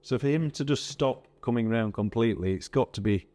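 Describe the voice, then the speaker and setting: A man hosting a podcast, telling a story in a casual, animated way with quoted speech. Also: medium pitch, a little fast. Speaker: podcast host.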